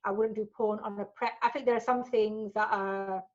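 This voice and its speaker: This woman, in her forties and of Gujarati family background, speaks at a normal pace in a mid-range voice. She's a guest in a relaxed interview, spinning blunt, lively stories and performing other people's lines. Audio quality is dull and lo-fi.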